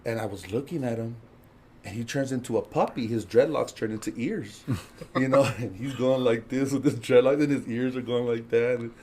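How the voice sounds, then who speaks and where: A man telling a story as a podcast guest, casual and animated, laughing and acting out other people's lines. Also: medium pitch, normal speed, slightly rough. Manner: animated, laughing, acts out quotes.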